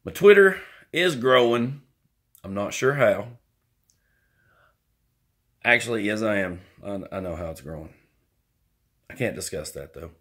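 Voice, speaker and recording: A middle-aged man talks straight to the camera in a rambling, self-mocking vlog monologue full of folksy country slang. He takes his time, and his voice swings widely, now and then leaping into squeaky, whiny complaints. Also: lively intonation, unhurried, pauses often, fairly bright tone. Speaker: vlogger.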